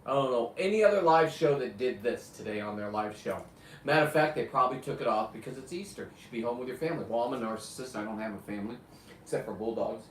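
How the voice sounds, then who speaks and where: A man's voice: mid-range voice, fast talker, a little hiss or hum. Fifty-something guy rambling on his live stream, blunt and cussing, sounds roomy and a bit far from the mic. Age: 50s. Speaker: live show host. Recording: roomy, distant mic, faint ambience.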